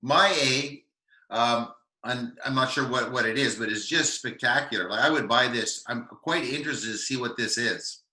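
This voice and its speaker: Canadian dude gushing over whisky, bright sharp voice, lots of ums, roomy echo. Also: male voice, medium pitch. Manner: enthusiastic, halting with many fillers. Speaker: co-host of a whisky tasting show. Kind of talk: casual tasting chat.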